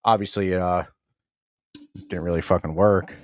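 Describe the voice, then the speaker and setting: Man, podcast host, casual chat, low voice, profane, offhand impressions, dry close mic. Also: fairly even intonation, normal speed, no echo.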